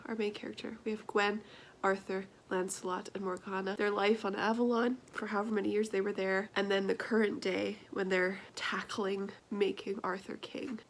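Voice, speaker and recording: A young woman chatting casually in a book vlog, stuffy-nosed from crying, emotional and laughing often, sometimes dropping to a soft whisper. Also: sits high. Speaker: book vlogger.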